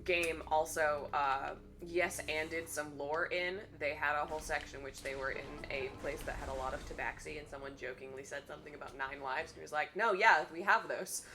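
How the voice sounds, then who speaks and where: A woman with a bright, forceful tone and a slightly low voice, telling stories in an easy, rambling way. She fills her talk with "like" and "um" and laughs along as she goes, sounding relaxed and conversational. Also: brisk, hardly any pauses, slight background noise. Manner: chatty, many fillers, laughs while telling stories. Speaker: charity stream commentator. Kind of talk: casual chat, retelling a tabletop game story.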